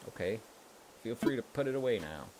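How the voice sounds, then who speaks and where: A man's voice: mid-range voice, expressive, fairly quick, very noisy, voice pushed up, natural voice. A man voicing a polite male raccoon shopkeeper in a put-on Southern accent, reading game dialogue aloud in a formal, courteous way.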